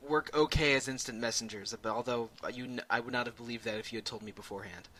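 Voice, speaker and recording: A man co-hosting a casual podcast, thoughtful and a bit halting. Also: mid-range voice, fairly even intonation, bright, forceful tone, low-quality recording. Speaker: podcast co-host. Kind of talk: casual panel chat.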